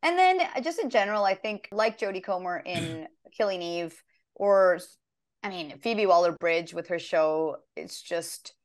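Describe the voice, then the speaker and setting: A woman voice actress chatting casually in an interview, telling stories with lively acted quotes. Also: lowish voice. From half American. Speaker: voice actress guest.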